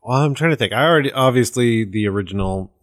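A man's voice: medium pitch, lively intonation, fast, no echo, clean studio sound. A man hosting a casual podcast chat, moving the talk along in an easygoing way. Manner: easygoing, leads the segments. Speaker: podcast host.

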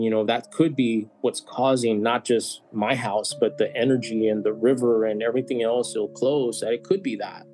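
Guest storyteller from San Antonio: casual, rambling man with a mid-range voice, guitar music behind him. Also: mid-range voice. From San Antonio, Texas. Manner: rambling, full of "you know" and restarts. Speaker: podcast guest.

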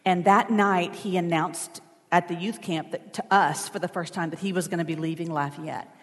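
A woman's voice: on the low side, steady tone, moderate pace. A woman telling a personal story in a sermon in a chatty, emotional way, with asides to the congregation. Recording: long church hall reverb.

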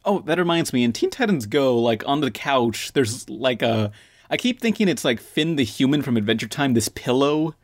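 A man hosting a casual podcast, rambling and animated in his film opinions. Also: medium pitch, no echo, clean studio sound. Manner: rambling, animated, quick to laugh. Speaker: podcast host. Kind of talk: casual chat.

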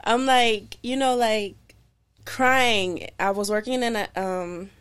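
A woman telling a story as a podcast guest, animated and calling her listeners y'all. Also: on the high side, slow, clear, resonant tone. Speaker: podcast guest, hair oil maker. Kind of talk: casual storytelling chat.

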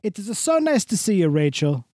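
A man's voice: sits high, very animated, normal speed, mellow. A man voicing an effusive older male guest who talks in broken, gushing phrases.

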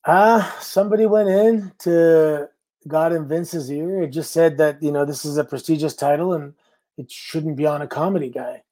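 A man's voice: a little high, fairly even intonation, moderate pace, dark tone. A middle-aged man from Canada, a guest in a casual interview, telling stories and acting out the lines people said to him. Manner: storytelling, acting out quoted lines. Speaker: guest, pro wrestler.

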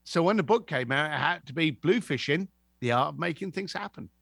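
A man's voice: a little high, brisk, gravelly, slightly rough, no echo, studio quality. A man telling anecdotes as a podcast guest, acting out the voices of the people in them. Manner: lively, acts out voices in anecdotes. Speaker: guest, author. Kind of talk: animated storytelling.

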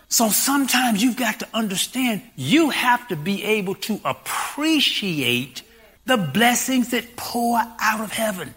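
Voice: mid-range voice, expressive, takes it slowly, bright, forceful tone. A pastor in their sixties preaching a sermon, full of rhetorical questions. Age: 60s.

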